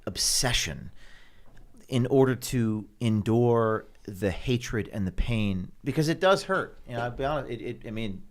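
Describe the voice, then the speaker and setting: A man's voice: mid-range voice, animated, unhurried. A man in his thirties talking as a guest on a panel discussion, repeating words as he searches for his phrasing. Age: 30s. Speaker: guest journalist.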